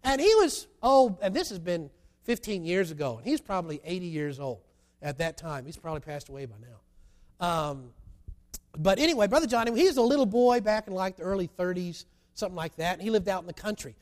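A preacher with a high voice tells a story in a sermon. He builds to loud, emphatic bursts, then drops to quiet, confiding asides. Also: fairly quick. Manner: animated, shifts between loud emphatic and quiet.

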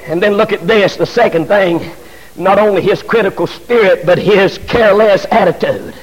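A middle-aged man, preaching an impassioned sermon as a pastor, rising to shouts and stumbling over repeated fillers. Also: high-pitched, normal speed. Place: church. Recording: long hall reverb.

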